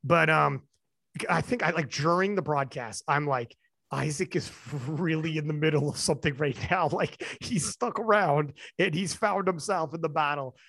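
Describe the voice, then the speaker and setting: A man's voice: fairly high pitch, normal speed, creaky. A young man hosting a casual podcast chat, telling stories with energy and swearing freely. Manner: animated storyteller, swears freely, quotes others. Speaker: podcast host.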